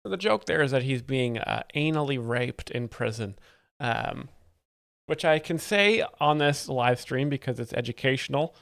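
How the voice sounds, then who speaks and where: A man's voice: mid-range voice, animated, normal speed, creaky, a bit bright, no room sound. A young man hosting a comedy live stream, explaining jokes in an ironic, fake-earnest, rambling way. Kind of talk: mock-expert comedy commentary.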